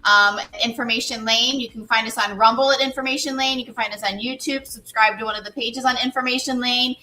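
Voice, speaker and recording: A woman promoting her own show on a podcast, briskly listing where to find it. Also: fairly high pitch, steady tone, bright, forceful tone, distant mic, low-quality recording. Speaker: show co-host plugging her program. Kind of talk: live podcast chat.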